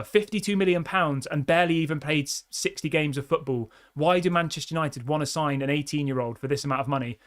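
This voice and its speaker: Excitable football fan on a live stream. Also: male voice, on the high side. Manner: excitable, chatty, reads viewer comments. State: out of breath. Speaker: fan channel host.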